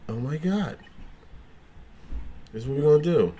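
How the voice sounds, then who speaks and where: A man's voice: on the high side, expressive, normal speed, dark tone, husky. A man hosting a casual gaming livestream, joking and cursing as he thinks aloud and talks back to his chat. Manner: thinks aloud, trailing restarts.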